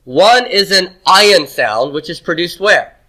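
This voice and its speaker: A man teaching a Hebrew grammar lesson, asking questions and answering them himself, and sounding out words slowly. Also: high-pitched, expressive, sharp tone. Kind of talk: classroom lecture.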